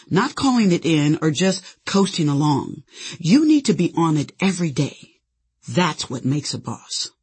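A woman's voice: sits low, a little mellow, breathy edge. A woman narrating her own memoir with sassy, conversational storytelling. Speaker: author and narrator.

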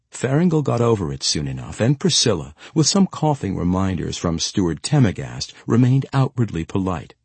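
A man reading fantasy fiction aloud in a measured, expressive storytelling manner. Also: lowish voice, gravelly, slightly rough, no echo. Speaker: audiobook narrator. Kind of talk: scripted fantasy narration.

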